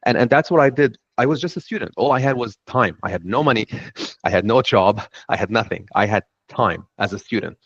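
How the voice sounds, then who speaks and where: A man's voice: lowish voice, expressive, fairly quick, a bit bright, slightly rough, dry recording. A middle-aged man from Lebanon with a Lebanese accent, speaking earnestly on a panel about his own path. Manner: earnest, reflective storytelling. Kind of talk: panel talk. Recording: dull dry sound.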